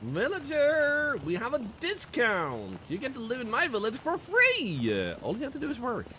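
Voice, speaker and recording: A man putting on the voice of a pushy male village chief selling a life of endless work, with loud, high, salesman-like calls. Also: wildly swooping pitch, normal speed, a little hiss or hum, exaggerated voice. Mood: pushy sales pitch.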